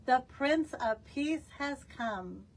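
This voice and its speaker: A woman's voice: high-pitched, lively intonation, slow, recorded from a distance, heavily acted. A woman voicing an old male shepherd who proclaims joyful news.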